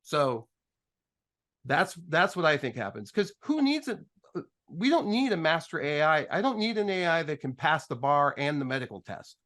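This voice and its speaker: A man with a fairly high voice tells a business story to a panel, loose and joking. He acts out both sides of conversations and often restarts his sentences mid-thought. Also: sing-song, normal speed, a bit bright. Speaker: panel guest telling a startup story. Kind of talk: casual storytelling talk.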